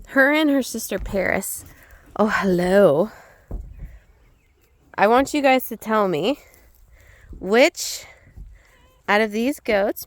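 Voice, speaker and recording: A young woman hosting a casual gratitude vlog outdoors on a rural property. She talks in a chatty way and slips into a high sing-song when she calls to her animals. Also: expressive, takes it slowly, long pauses. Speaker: host.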